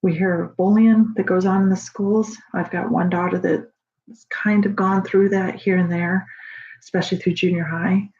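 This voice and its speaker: A mother in casual home video talk, rambling warmly with many fillers and restarts, proud of her daughter. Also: fairly low pitch, little pitch movement, moderate pace. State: emotional, near tears at times. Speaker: proud mother sharing a story. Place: home at night. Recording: dull lo-fi home recording.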